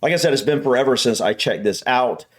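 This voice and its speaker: An American man hosts a casual reaction video. He talks in an eager, rambling way with frequent restarts. His voice sits at an ordinary middle pitch. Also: fast talker. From United States. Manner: chatty, enthusiastic, rambling with restarts. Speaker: host.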